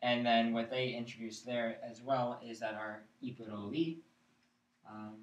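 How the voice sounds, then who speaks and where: A man with a mid-range voice teaches a live-streamed chant class, explaining patiently at a measured pace with fairly even intonation and checking in with his students. The classroom is echoey and the mic sits far away.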